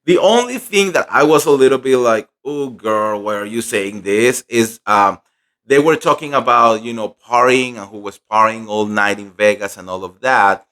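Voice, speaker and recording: A young man recapping a fan convention in casual, gossipy chat, animated and full of fillers. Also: mid-range voice, moderate pace. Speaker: pop culture vlogger.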